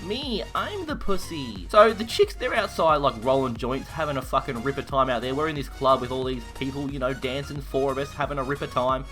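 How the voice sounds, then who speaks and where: A young Australian man telling a story in a rowdy, profane, animated way. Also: medium pitch, brisk, few pauses, soft background music. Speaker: YouTuber. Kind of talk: casual storytelling while gaming.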